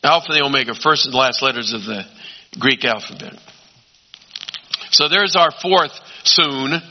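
A man preaching a sermon as pastor, emphatic, swinging between loud urging and quiet asides. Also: medium pitch, measured pace, slight background noise. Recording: dull lo-fi sound.

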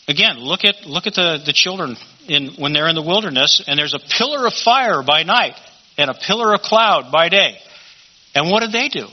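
A man's voice: fairly high pitch, lively intonation, moderate pace. Conversational man teaching scripture, lo-fi. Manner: conversational, asks rhetorical questions. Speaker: Bible teacher. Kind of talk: sermon. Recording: dull lo-fi recording.

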